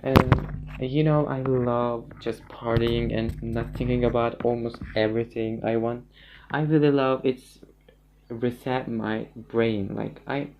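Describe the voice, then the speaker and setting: Slow halting man with gravelly creak. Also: mid-range voice, fairly even intonation, a little hiss or hum. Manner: halting, rambling, swears often. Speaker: livestreamer. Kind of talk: casual livestream monologue. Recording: dull lo-fi stream audio.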